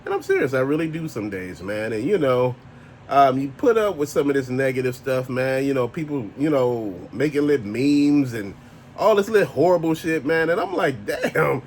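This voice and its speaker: A man's voice: medium pitch, animated, normal speed, slight background noise. A married man ranting casually to camera as a toy collector vlogger, blunt, profane and exasperated. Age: adult, married.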